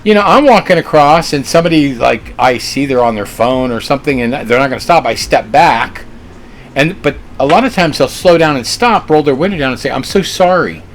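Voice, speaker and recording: A man's voice: mid-range voice, brisk, slight background noise. A man who co-owns a restaurant, telling stories in a casual interview with an earnest manner and lots of fillers and restarts. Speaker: restaurant co-owner.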